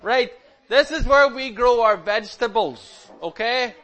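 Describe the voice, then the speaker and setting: Middle-aged man, higher-pitched voice, relaxed chatty slideshow presenter who teases the kids. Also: measured pace, a faint crowd. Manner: chatty, teasing, animated with the audience. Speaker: speaker presenting slides to a group. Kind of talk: informal slideshow talk to a young audience.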